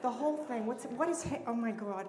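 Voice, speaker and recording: A woman's voice: fairly high pitch, brisk, crowd noise. A woman doing live character comedy as a therapist, flustered and effusive, rambling with many restarts, on a handheld mic in a temple event hall. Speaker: comic performer playing a therapist at a live event. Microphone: handheld mic on stage. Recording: roomy hall, audience noise and laughter.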